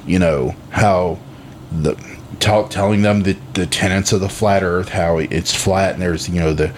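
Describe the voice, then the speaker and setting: Low-voiced guy co-hosting, stops and restarts a lot, bit of hiss. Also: fairly even intonation. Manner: halting, restarts often, drawn-out. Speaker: podcast co-host. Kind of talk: casual chat. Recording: faint background noise.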